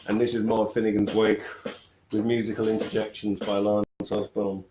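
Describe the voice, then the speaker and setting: A man's voice: lowish voice, little pitch movement, a little fast, noisy background. Casual, hesitant man in an echoey room. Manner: hesitant, full of fillers. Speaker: performer introducing his show. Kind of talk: casual chat to a live audience. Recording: echoey room with music playing behind, live stream.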